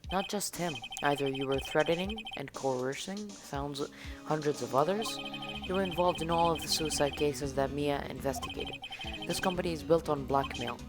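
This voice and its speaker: A woman's voice: sits low, moderate pace, natural voice. A woman voicing an earnest, determined young male lawyer in a video game, mixing accusations with inner monologue. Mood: accusing. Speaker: narrator of the game. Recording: game music playing behind. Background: game music.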